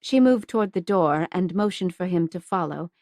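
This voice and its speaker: A woman's voice: lowish voice, lively intonation, normal speed, a little mellow, no echo, studio quality. Woman narrating a historical novel. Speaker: audiobook narrator. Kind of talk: scripted narration.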